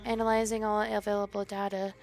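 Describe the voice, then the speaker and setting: A gentle, polite computer program with a boy's personality, voiced by a woman reading a video game. It talks softly and carefully, in a mid-pitched voice. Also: flat delivery, brisk, soft background music, natural voice.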